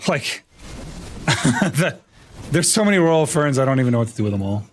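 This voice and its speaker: A man's voice: mid-range voice, big pitch swings, normal speed, slight background noise. A man streaming live, chatting casually and joking playfully with his chat.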